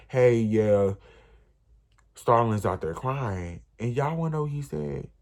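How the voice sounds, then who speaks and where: Young man telling an emotional storytime. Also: on the low side. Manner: emotional, rambling, speaks straight to viewers. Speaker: vlogger. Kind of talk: storytime vlog.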